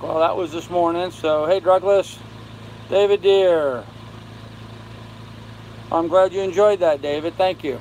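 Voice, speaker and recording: A man's voice: on the high side, rough recording. Tired older man greeting stream viewers. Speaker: live-stream host. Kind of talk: casual live-stream chat reading comments. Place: on a sailboat with air conditioning and fan running. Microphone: phone. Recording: faint fan and air-conditioner hum behind.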